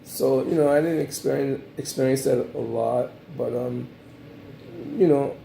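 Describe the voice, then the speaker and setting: A man from the United States casually recapping his trip in a vlog, rambling and animated, with many fillers. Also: medium pitch, unhurried, gravelly, reverberant, slight background noise. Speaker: travel vlogger.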